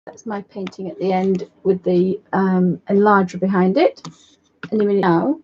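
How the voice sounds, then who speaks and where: A woman's voice: medium pitch, normal speed, a little mellow, a little hiss or hum. A woman chatting while she paints, chatty and doting, often laughing, on a dull lo-fi recording. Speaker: art vlogger. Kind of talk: casual chat while painting. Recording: dull lo-fi sound.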